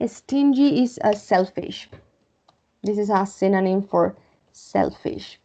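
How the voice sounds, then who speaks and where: A woman from Spain with a Spanish accent, teaching English vocabulary online, repeating words slowly and checking in with "okay?". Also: mid-range voice, mellow, highs cut off. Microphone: computer mic.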